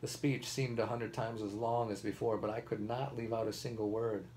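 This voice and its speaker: A man reading a novel aloud, first-person narration told in a measured, steady way. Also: lowish voice, slight background noise, low-quality recording. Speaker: reader.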